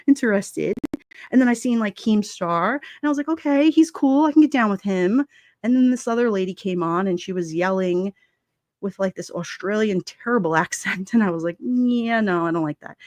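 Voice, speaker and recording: A woman hosts a casual livestream, reading comments from her chat and rambling, laughing often and full of fillers and restarts. Her mid-range voice is a little mellow, with no echo.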